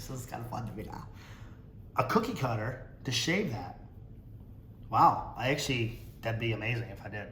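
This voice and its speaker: A man's voice: mid-range voice, a bit bright, slight background noise. Sarcastic man in an echoey room. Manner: sarcastic and mocking, swears freely. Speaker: podcast host reading viewer comments. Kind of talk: casual chat.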